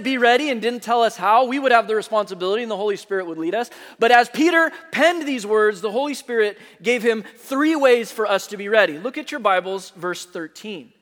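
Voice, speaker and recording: Man, pastor, sermon, animated storytelling, bright tense voice, long reverb. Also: high voice. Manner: animated storytelling preacher, rising to shouts.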